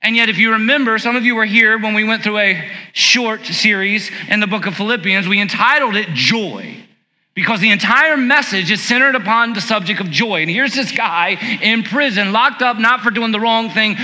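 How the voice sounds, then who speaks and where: A man with a high, very bright and forceful voice preaches a conversational sermon. He throws out rhetorical questions and stretches out the key words. His voice carries a long reverb through the church sanctuary. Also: expressive, moderate pace. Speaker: pastor.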